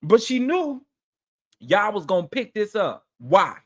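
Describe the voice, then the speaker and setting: A man chats on his live stream with plenty of sass and attitude. His pitch swings widely as he doubles down on phrases for emphasis. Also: measured pace. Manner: sassy and animated, repeats phrases for emphasis. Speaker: livestream host. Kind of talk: casual live-stream commentary.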